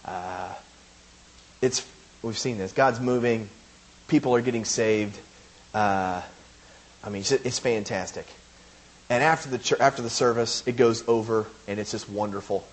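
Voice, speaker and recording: A man's voice: lowish voice, unhurried, long pauses. A man preaching a sermon, chatting casually and then building to emphatic preaching. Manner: conversational, rising to emphatic preaching.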